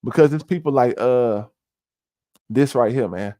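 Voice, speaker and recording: A man's voice: mid-range voice, a little slow, warm tone, no room sound. Preachy man, close dry mic. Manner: preachy, repeats "family", heavy fillers. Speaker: commentary streamer. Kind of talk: casual conspiracy commentary.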